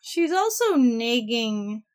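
High-voiced chatty woman. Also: very animated, takes it slowly, a crowd in the background. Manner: chatty, retells scenes. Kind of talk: casual discussion.

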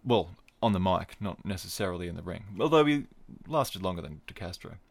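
Male podcast host, lower voice, dry jokey tangents while he runs through results. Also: lively intonation, fairly quick, creaky. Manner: wry, digressive, jokey asides. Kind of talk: casual solo podcast commentary.

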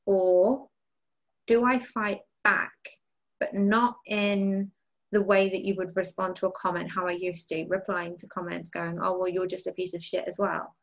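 A woman's voice: fairly low pitch, flat delivery, unhurried, creaky, low-quality recording. A woman guest on a podcast, speaking openly about personal matters, thinking aloud and restarting phrases. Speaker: guest, content creator and diving instructor. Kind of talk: casual podcast chat.

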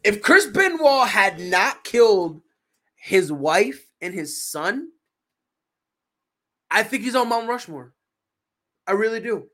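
A man co-hosting a podcast in casual chat, excitable, swinging from hushed mutters to loud outbursts. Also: sits high, slow pace, long pauses. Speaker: podcast co-host.

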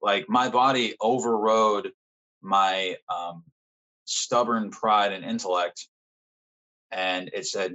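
A young man as a podcast guest, frankly telling a personal story in casual conversation, swearing often and pausing with fillers. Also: lowish voice, fairly even intonation, sharp tone, highs cut off.

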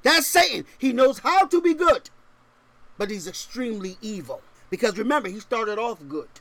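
A male pastor preaching a sermon, emphatic, swinging from loud stressed points to quiet asides and often checking in with rhetorical questions. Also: lively intonation, moderate pace. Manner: shifts between raised, forceful stresses and low, quiet asides.

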